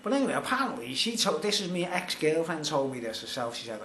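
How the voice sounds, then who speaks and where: Brief: middle-aged man, slightly high voice, rambling storyteller, echoey room with faint hiss. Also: sing-song, fast, hardly any pauses, fairly bright tone. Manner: rambling, filler-heavy, conversational. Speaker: vlogger. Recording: roomy echo, faint background noise.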